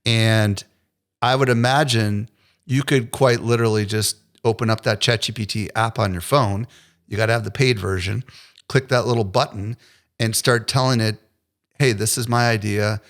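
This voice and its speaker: A man's voice: on the low side, steady tone, moderate pace. A man hosting a podcast, talking in an encouraging, conversational way. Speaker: podcast host. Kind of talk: casual interview conversation.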